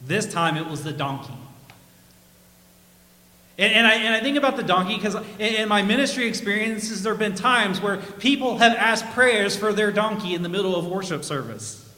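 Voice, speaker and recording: Chatty male pastor, bright high voice, long church reverb, tells jokes in his sermon. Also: lively intonation, moderate pace. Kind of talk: sermon with humorous storytelling. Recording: echoey church hall.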